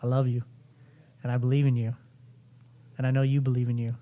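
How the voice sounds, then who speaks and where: A man's voice: medium pitch, level tone, fairly quick, phone-quality sound. A young man hosting a podcast, coaching a guest through an intense, profane motivational pep talk.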